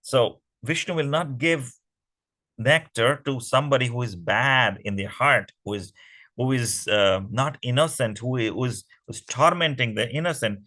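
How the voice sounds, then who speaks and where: A man telling a myth to a children's class, animated and often asking the kids questions. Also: mid-range voice, moderate pace, poor audio. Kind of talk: storytelling to children.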